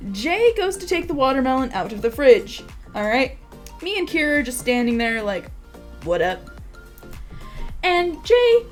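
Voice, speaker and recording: A woman's voice: high-pitched, a bit bright. A young adult woman vlogger telling a rambling, laugh-filled story in casual talk, swearing freely.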